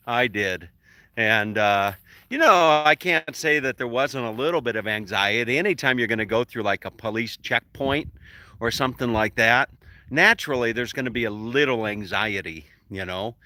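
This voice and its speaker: A man's voice: mid-range voice, sharp tone, dry recording. A man vlogging about his travels, rambling through a chuckling anecdote with many fillers. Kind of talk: casual storytelling to camera.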